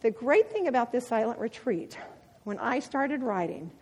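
A middle-aged woman with a highish, breathy-edged voice speaks at a moderate pace in a devotional talk for a women's ministry. She shares personal stories with animation and frequent laughter, recorded with long hall reverb.

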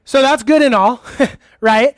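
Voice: mid-range voice, unhurried, studio quality. A youth pastor giving a casual, interactive sermon in a church hall, asking the audience questions and laughing easily. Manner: laughs easily, uses many fillers.

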